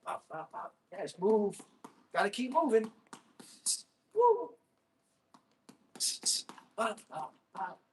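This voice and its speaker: Male streamer mid-workout, high voice, loud whoops, blunt and combative. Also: slow, pauses often, a little hiss or hum. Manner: energetic, whooping, talking to chat between hits; blunt and combative toward trolls. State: exerting himself while hitting a ball. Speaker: livestreamer. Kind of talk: casual livestream chat while training.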